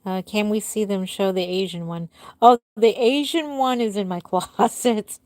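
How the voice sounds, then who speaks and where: A middle-aged woman who makes reborn dolls hosts a live stream from home, speaking a little slowly with no echo. She chats casually and answers viewers' comments one by one, her voice drifting soft and low at the ends of her thoughts.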